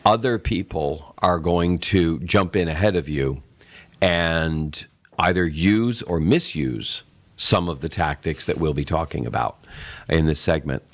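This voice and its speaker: A middle-aged man with a very low voice talks through an idea on a casual podcast. He rambles and restarts, acting out little sales pitches as he goes. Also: unhurried. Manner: rambling, explains with acted-out sales examples. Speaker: tech show co-host.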